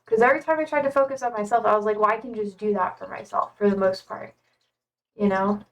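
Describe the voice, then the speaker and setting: A woman's voice: medium pitch, fairly even intonation, fast talker, distant mic, rough recording. A young woman streamer chatting casually in a rambling way with many fillers. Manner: rambling, many fillers, talking to her cats. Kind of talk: casual chat.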